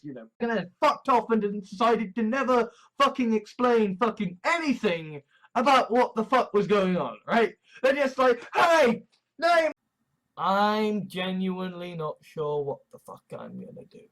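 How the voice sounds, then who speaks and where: A woman's voice: medium pitch, animated, normal speed, poor audio. A woman giving a rambling, profane video monologue, agitated and often breaking off mid-sentence. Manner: profane, agitated, self-interrupting. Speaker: vlogger.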